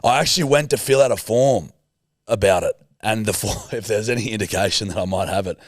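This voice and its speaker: An Australian man co-hosting a podcast, talking bluntly and swearing often as he tells animated stories. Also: fairly low pitch, a little fast, no echo. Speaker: podcast co-host. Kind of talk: casual podcast chat.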